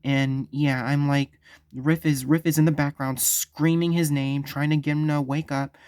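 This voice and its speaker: A man telling a story on his vlog, halting and stumbling, often repeating himself. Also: a little high, level tone, a little mellow, no echo, studio quality. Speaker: vlogger.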